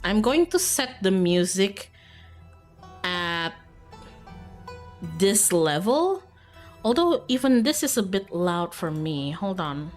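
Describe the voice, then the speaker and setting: A woman's voice: mid-range voice, sing-song, slow, long pauses, soft background music. A young woman streaming a game, chatting casually and rambling, often laughing. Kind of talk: casual live-stream chat while gaming.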